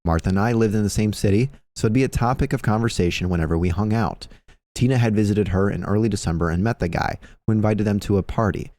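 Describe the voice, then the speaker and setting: A young man talks casually on his live stream, swearing freely and reading posts aloud. His voice sits low, close to a dry microphone with no room sound. When he retells a story, he acts out the other people's lines in it. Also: fast talker, no room sound. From Filipino heritage. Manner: animated storyteller, swears a lot, acts out quotes loudly. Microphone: close streaming mic.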